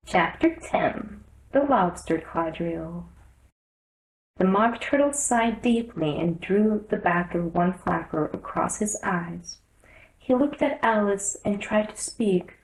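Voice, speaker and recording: A woman reading a classic children's novel aloud as a storyteller, in measured narration. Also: fairly low pitch, darkish tone, reverberant, poor audio.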